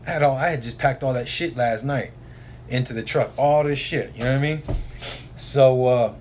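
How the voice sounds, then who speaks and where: A man's voice: medium pitch, moderate pace, a little mellow, a little hiss or hum. Man ranting profanely about his day. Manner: rambling, profane storytelling with many repeats and fillers. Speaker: oilfield truck driver. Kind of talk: casual vlog rant.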